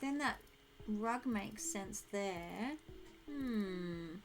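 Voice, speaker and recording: A woman's voice: medium pitch, expressive, very slow, soft background music. Chatty woman streaming a game. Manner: chatty, thinking aloud, answering chat. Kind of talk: casual live-stream chat while decorating in a game.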